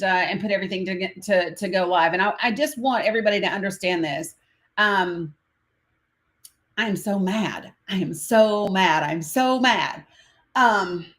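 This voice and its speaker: A woman's voice: on the high side, a bit bright. An American woman hosting a livestream panel, talking casually and growing impassioned and profane as she rises into outrage. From United States. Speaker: livestream host.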